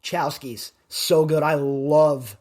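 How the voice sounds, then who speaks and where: A man from Las Vegas hosting a podcast livestream, chatting casually with viewers in a fired-up, rambling, loudmouthed way. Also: on the high side, steady tone, takes it slowly. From Las Vegas, USA.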